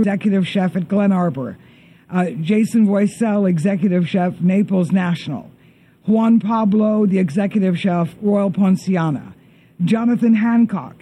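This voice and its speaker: High-voiced husky male show host. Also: mellow. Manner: chatty, reads lists of names haltingly. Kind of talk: casual interview chat.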